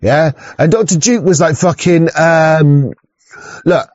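A man's voice: on the high side, slow, darkish tone, no room sound. A man in a rambling, profane, heated casual rant. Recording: dull lo-fi sound.

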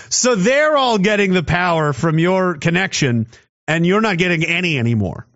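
A man's voice: sits high, lively intonation, normal speed, fairly bright tone. A man in a heated, profane, sarcastic political rant. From Canada. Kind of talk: angry political rant to camera. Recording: dull lo-fi audio.

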